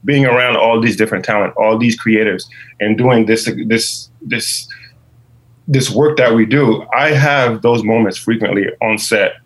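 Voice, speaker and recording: Earnest halting male filmmaker. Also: on the low side, a bit bright, breathy edge, low-quality recording. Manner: earnest, halting, many restarts. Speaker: guest, filmmaker. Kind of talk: casual interview chat.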